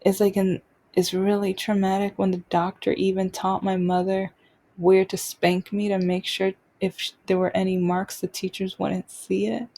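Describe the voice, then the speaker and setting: A woman hosting her own show, talking openly and unscripted about personal experiences, halting and restarting as she goes. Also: medium pitch, little pitch movement, dark tone. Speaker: podcast host sharing personal stories.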